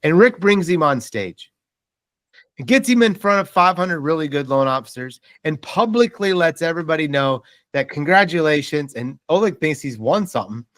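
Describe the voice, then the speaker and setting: Animated male sales trainer, dry sound. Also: fairly high pitch, normal speed, no echo. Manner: animated storytelling with quoted dialogue. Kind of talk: motivational seminar talk.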